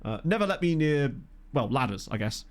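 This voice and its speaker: This streamer, a man from Essex, England, with a soft home counties accent, is playing a management game and chatting casually with his viewers. He rambles onto jokey tangents at a moderate pace, his pitch rising and falling in a lively way.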